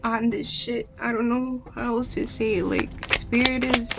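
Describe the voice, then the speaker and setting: A woman's voice: a little high, little pitch movement, unhurried, gravelly, heavy background noise. A woman giving a casual tarot reading in a loose, emotional way, swearing often and saying "like" a lot. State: teary at times. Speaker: tarot reader.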